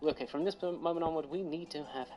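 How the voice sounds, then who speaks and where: A woman's voice: deep voice, fast talker, warm tone, highs cut off, pitched above the performer's own voice, close to an everyday voice. A woman voicing an arrogant, ruthless older male fire tyrant who blusters and sneers. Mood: haughty. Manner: scornful, blustering.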